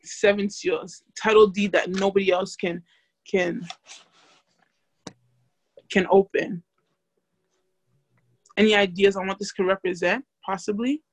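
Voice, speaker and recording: A woman's voice: mid-range voice, fairly even intonation, measured pace, pauses often, no room sound. A young woman casually teaching a Bible study, chatty and full of fillers, asking the group questions.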